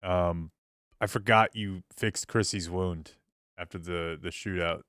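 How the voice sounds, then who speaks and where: A man's voice: sits low, fairly even intonation, a little slow, a bit bright, no room sound. A man hosting a sports talk show, chatting casually and laughing often in a studio on a studio mic. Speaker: radio show host. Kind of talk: casual chat. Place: radio studio. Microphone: studio microphone.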